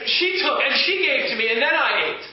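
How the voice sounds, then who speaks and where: A man's voice: expressive, fairly quick, a crowd in the background. Man doing a stammering, ashamed first man. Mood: defensive. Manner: high, stammering, blame-shifting. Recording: echoey, distant, dull with hiss.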